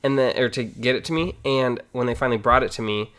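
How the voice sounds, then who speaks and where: Fast-talking male podcast co-host. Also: mid-range voice. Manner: quick, animated storyteller. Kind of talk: casual chat.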